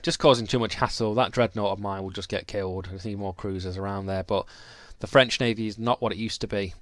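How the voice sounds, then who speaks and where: A man with a fairly low voice talks through his strategy game in a loose, chatty way. He thinks out loud and often restarts his sentences. Steady noise sits under the recording. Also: fairly quick. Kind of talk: casual gameplay commentary.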